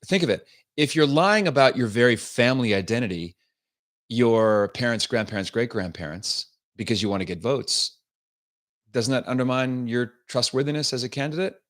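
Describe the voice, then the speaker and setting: A man's voice: mid-range voice, moderate pace, a bit bright. A male host giving sarcastic, opinionated political commentary on a livestream and reading out viewer comments. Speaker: show host.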